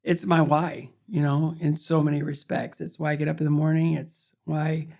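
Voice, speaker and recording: Gravelly older man telling stories. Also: on the high side, moderate pace. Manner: animated storyteller, acts out quoted voices. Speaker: interview guest, former figure skater. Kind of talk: storytelling in conversation.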